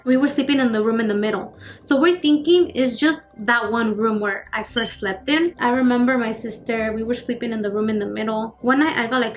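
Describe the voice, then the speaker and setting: A woman in her twenties telling a personal story in a casual vlog, chatty and full of fillers, acting out the scenes. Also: fairly high pitch. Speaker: YouTuber. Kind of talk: casual storytelling while getting ready. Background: faint background music.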